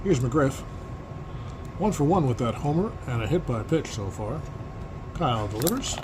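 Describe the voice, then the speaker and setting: A man in the announcer's chair for a tabletop baseball replay, calling each pitch like a radio broadcaster. His voice sits in a middle range and he breaks off now and then to check the dice. Air conditioning hums steadily behind him. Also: very animated, normal speed. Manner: broadcaster-style calls mixed with asides about dice rolls. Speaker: replay host and play-by-play announcer. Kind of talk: mock radio play-by-play of a tabletop baseball game. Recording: air-conditioning hum in the background.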